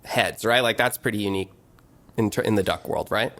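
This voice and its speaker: A man's voice: lowish voice, steady tone, fairly quick, a bit bright. Jokey, enthusiastic podcast co-host man. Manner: enthusiastic, jokey, breaks into silly chants. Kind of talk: casual chat.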